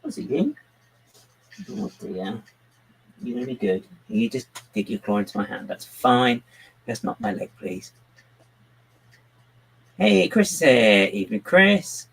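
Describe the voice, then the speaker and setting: Husky-voiced man chatting on stream. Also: medium pitch, sing-song, unhurried, long pauses, a bit bright, rough recording. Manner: chatty, muttering to himself and his pet while working. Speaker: livestreaming brick builder. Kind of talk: casual live-stream chat.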